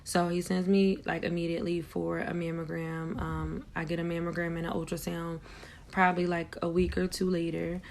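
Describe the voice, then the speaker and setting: Young woman, low gravelly voice; frank, swears often, gets loud when recounting shocks. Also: level tone, moderate pace, a little hiss or hum. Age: young adult. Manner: blunt, frank, swears freely. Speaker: vlogger sharing her story. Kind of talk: candid personal storytelling.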